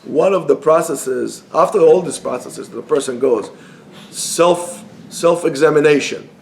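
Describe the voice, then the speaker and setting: Earnest rabbi in an echoey room. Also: male voice, on the high side. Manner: earnest, swings from emphatic to soft and calm. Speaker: rabbi teaching Torah. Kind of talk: Torah class sermon.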